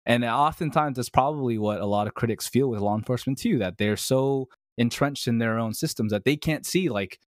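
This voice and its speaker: A man's voice: medium pitch, a little fast, few pauses, dry recording, clean studio sound. A man in a casual podcast discussion, talking eagerly and filling his speech with "like" and "man". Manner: enthusiastic, heavy use of "like" and "man". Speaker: podcast guest, ministry podcaster.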